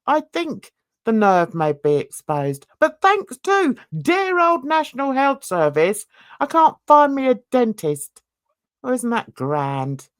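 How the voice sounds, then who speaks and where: A woman's voice: high voice, sing-song, slow, dry recording, studio quality. A woman hosting a crime reaction channel, talking in a chatty, exclamatory, rambling way while nursing a toothache. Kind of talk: casual reaction vlog chat.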